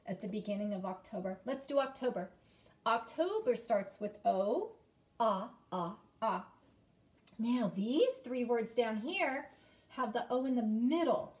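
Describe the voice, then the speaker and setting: A woman teaching an early-grade phonics lesson, clearly sounding out letters and inviting children to repeat after her. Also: on the high side, darkish tone.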